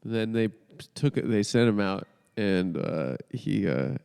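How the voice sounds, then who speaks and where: Gravelly-voiced man in a reverberant room. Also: on the low side, expressive, measured pace, mellow. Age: 30s. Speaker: podcast co-host. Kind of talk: casual comedy chat.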